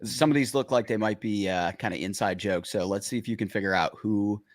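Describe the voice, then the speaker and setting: Male podcast co-host, relaxed, low voice. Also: fairly quick. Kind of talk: casual chat.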